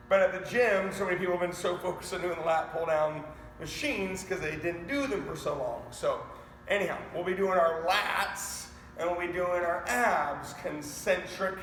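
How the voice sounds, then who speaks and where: A man with a high voice takes his time, leading a home workout in an unhurried, energetic way. He counts out reps and speaks straight to the viewers. The sound is roomy, with a long reverb and a faint hum of ambience behind him. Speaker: fitness coach. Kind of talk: live online workout instruction. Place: garage home gym. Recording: echoey room with faint ambience.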